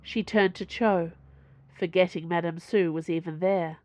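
A woman reading a science fiction story aloud in an even, measured audiobook style. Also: lowish voice, dry recording. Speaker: narrator. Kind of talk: audiobook narration.

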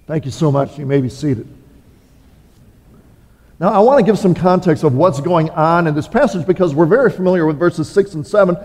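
A man preaching from the pulpit in an earnest, measured way, pausing often and restarting small phrases. His voice sits fairly high yet sounds warm and mellow. A long reverb from the large hall trails each line. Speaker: pastor. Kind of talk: sermon with scripture reading. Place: church sanctuary.

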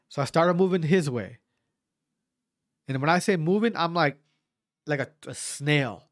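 An amateur fighter with a slightly high voice casually tells the story of his own bout at a moderate pace, pausing often. He's animated, stammers and restarts frequently, swears freely, and acts out what others said. The dry recording is studio quality.

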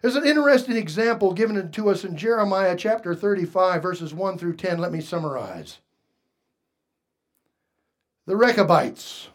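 A man preaching a sermon, moving from quiet asides to raised, emphatic lines and asking the congregation questions. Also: sits high, expressive, moderate pace, pauses often. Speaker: pastor.

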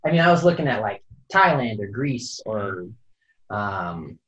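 A man's voice: on the low side, big pitch swings, unhurried, noisy background. Rambling guest, a man on a dull line. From California. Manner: rambling, hesitant, many fillers and restarts. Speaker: podcast guest, photographer and climber. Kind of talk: casual interview chat. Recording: dull lo-fi sound.

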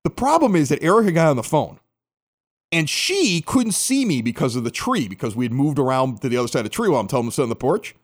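A middle-aged man from the Chicago area hosting a local podcast, telling a story casually and acting out the quotes. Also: fast. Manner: animated, acts out quotes with big pitch jumps. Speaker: podcast host.

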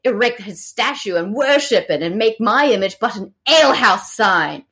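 A woman's voice: fairly high pitch, animated, normal speed, a bit bright. A woman voicing a haughty, scornful queen who speaks in a mock-sweet, melodramatic way. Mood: indignant.

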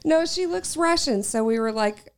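A woman's voice: sits high, lively intonation, moderate pace, a loud crowd. A woman co-hosting a family podcast, making wry remarks in casual chat. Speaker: podcast co-host.

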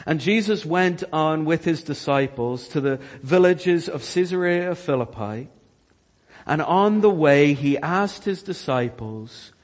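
A man preaching a sermon, telling Bible stories with animated, rising energy at the dramatic parts. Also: a little slow. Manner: animated storytelling, rising in pitch and volume at dramatic retellings. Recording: long hall reverb.

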